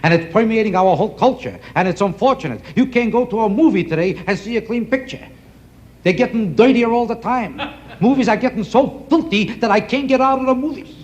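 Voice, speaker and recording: A man's voice: high voice, lively intonation, a little fast. A man doing a rambling stand-up comedy routine on a TV stage, teasing the audience between jokes. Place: television studio stage before an audience. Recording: loud studio audience laughter and noise.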